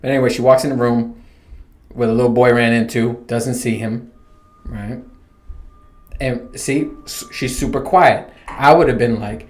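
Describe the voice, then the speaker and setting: A man's voice: medium pitch, fairly even intonation, normal speed, long pauses. A young man hosting a casual solo talk, joking and swearing as he retells a horror movie scene. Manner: joking, profane, acts out loud imagined lines to a ghost boy. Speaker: podcast host.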